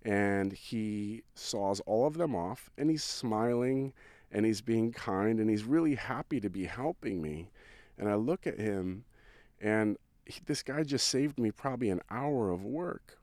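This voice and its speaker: Sitting in a van on a town street, this California songwriter shares a personal story in an earnest, casual ramble packed with fillers and restarts. His voice is on the low side, animated, unhurried and a little mellow, with no room sound.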